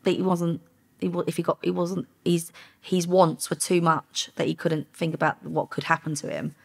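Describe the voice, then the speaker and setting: A former undercover officer from England tells her story in a casual interview. Her voice sits very low, husky and gravelly. She acts out each exchange with lively energy. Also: normal speed. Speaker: former undercover police officer, podcast guest.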